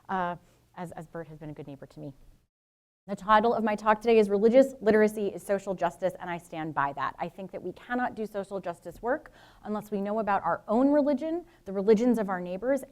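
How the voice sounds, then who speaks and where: A middle-aged woman from Brooklyn and New Jersey giving a public lecture as a professor, frank and informal, with asides to the audience. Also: mid-range voice.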